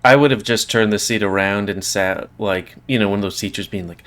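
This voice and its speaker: A man's voice: fairly low pitch, fairly quick, fairly bright tone. A man casually commenting while playing a video game, rambling and joking as he thinks aloud. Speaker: gameplay streamer. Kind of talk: casual let's-play commentary. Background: faint game music.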